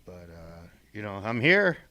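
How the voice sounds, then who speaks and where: A middle-aged man on a casual podcast, telling a rambling story in a deadpan, halting way with lots of pauses. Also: lowish voice.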